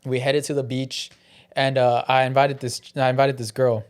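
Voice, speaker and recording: A young man, a podcast host, telling a story in casual chat, animated and swearing with lots of "bro". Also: medium pitch, normal speed, clear, resonant tone.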